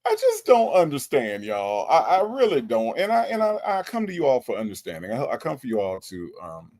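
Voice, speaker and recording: A man's voice: medium pitch, big pitch swings, a little fast, darkish tone. A man hosting a reaction show, commenting on radio clips in an incredulous, mocking way.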